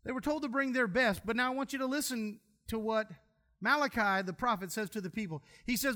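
A man delivers a sermon in a church. His voice sits high and bright. He jokes and tells homespun stories between verses. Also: fairly quick. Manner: folksy, humorous storytelling preacher. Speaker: pastor.

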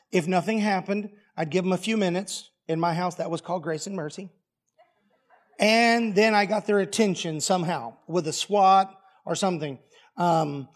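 A middle-aged man preaching in a relaxed, homespun way, full of wry humor. His voice sits high for a man. He tells family stories as sermon lessons. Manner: folksy, plainspoken and humorous. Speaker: pastor. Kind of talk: storytelling sermon.

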